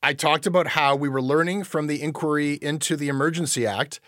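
A man hosts an opinionated news commentary, animated and incredulous, with casual swearing. His voice sits a little high and sounds dry and close to the mic. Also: brisk, dry recording. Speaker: podcast host.

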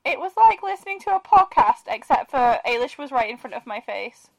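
A young woman on a podcast whose voice sits high and swoops up and down a lot. She chats in a playful, bubbly way. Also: sing-song, fairly quick, creaky. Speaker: podcast co-host. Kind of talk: casual chat.

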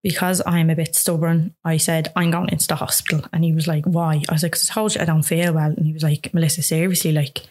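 Young woman, low pitch, flat delivery, rambling, acts out dialogue, interviewee. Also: quick pace, hardly any pauses. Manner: rambling, filler-heavy, reenacts dialogue. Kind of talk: personal storytelling.

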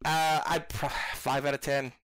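Male podcast co-host, bright tone, dry close sound, profane and rambling with stammers. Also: on the high side, level tone, moderate pace, clear, resonant tone, no echo. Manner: profane, rambling, self-mocking, with stammered restarts. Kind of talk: casual movie review chat.

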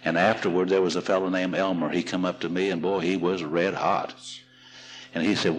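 Folksy deep-voiced man telling stories. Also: quick pace, rough recording. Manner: folksy, self-mocking storyteller. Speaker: seminar speaker. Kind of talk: storytelling talk at a recovery seminar.

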